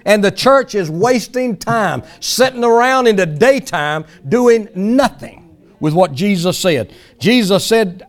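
A man's voice: high-pitched, animated, slow pace. A male pastor preaching a sermon in a folksy, emphatic way, mimicking pleading prayers for effect.

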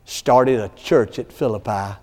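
A man preaches a sermon in a folksy, storytelling manner, animated and unhurried, breaking into laughing asides and frequently calling out "amen." His voice is medium-pitched, and the recording has long hall reverb.

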